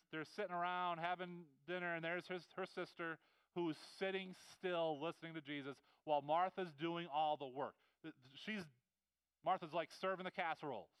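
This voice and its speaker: A man's voice: high voice, clean tone, dry recording, poor audio. A man preaching a sermon in a casual, conversational way, often repeating and restarting his words. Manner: conversational and animated, frequent repetitions and restarts. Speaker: pastor.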